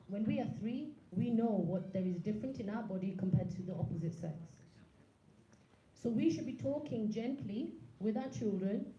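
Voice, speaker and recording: A woman's voice: medium pitch, mellow, a little hiss or hum. A woman in her thirties giving a public talk, speaking earnestly and directly, putting questions to the audience. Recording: echoey room, slightly dull sound.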